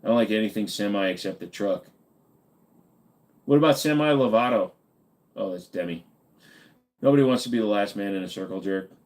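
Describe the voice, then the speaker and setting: Tired dizzy guy on a late livestream, kinda low voice, cracking crude jokes, rambling. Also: fairly quick, pauses often, a little mellow. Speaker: livestream host. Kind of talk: casual live-stream chat answering viewers.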